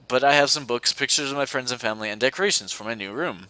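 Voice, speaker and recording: Young male host, bright voice, playful read-aloud over desk mic, dry sound. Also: medium pitch, animated, a little fast, clear, resonant tone, dry recording. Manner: playful, giggly, reads aloud with asides. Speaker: let's-play host reading a visual novel. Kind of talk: casual co-op game commentary and read-aloud. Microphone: desk mic at a computer.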